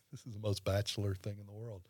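Man, rambling storyteller, podcast host, lowish voice, dry close sound. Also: fairly quick, no room sound. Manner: rambling storyteller, lively asides. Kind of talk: casual chat.

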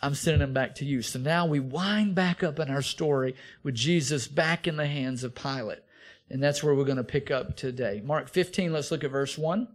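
A man's voice: fairly high pitch, moderate pace. A male pastor preaching a verse-by-verse sermon, animatedly acting out the biblical figures in the story. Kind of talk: expository sermon.

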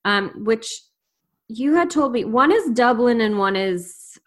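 A woman's voice: fairly high pitch, animated, a little slow. An American woman co-hosting a podcast, chatting casually and playfully and laughing often. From United States. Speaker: podcast co-host. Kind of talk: casual chat.

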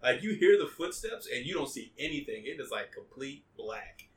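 A man chatting casually about a horror movie, animated and laughing as he acts out scenes. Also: medium pitch, normal speed. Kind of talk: casual movie review chat. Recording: roomy distance from mic with faint background noise.

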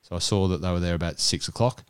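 Chatty Australian man, lowish dry voice. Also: fast talker, clear, resonant tone, no room sound. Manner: chatty storytelling with restarts. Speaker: podcast co-host. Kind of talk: casual chat.

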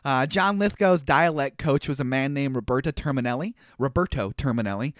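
A man's voice: mid-range voice, brisk, no echo, studio quality. A man in his thirties co-hosting a casual movie recap podcast, telling the story with fillers and frequent laughs. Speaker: podcast co-host.

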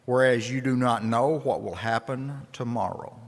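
A man's voice: mid-range voice, moderate pace. Male pastor preaching in a church, earnest with emphatic peaks, long hall reverb. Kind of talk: sermon. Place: church sanctuary.

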